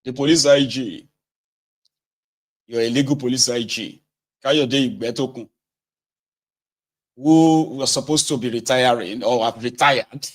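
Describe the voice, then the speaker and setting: Animated commentary host. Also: male voice, medium pitch, unhurried, pauses often. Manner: animated, sardonic, swinging between mutters and outbursts. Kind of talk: casual political commentary.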